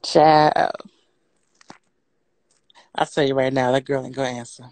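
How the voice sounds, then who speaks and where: A woman, telling her story on a phone livestream in a blunt, profane, animated way and reading out text messages. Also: extremely low pitch, racing.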